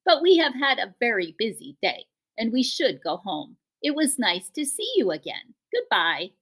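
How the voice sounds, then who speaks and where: A woman voicing a calm, polite female robot mother who speaks in formal, measured sentences. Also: a little high, husky, full character voice. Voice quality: gentle, formal, measured speech.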